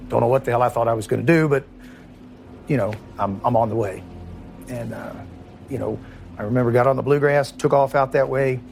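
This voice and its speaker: Emotional, plain-spoken former police chief. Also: male voice, mid-range voice, a little fast, gravelly, long pauses, darkish tone, faint music behind. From Kentucky, USA. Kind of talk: interview recollection.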